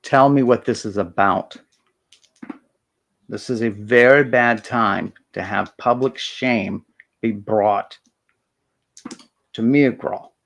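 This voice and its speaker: A man's voice: fairly low pitch, slow, vocal fry, long pauses. A man voicing a stern female leader in a fantasy tabletop game, giving firm orders in his own voice. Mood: commanding.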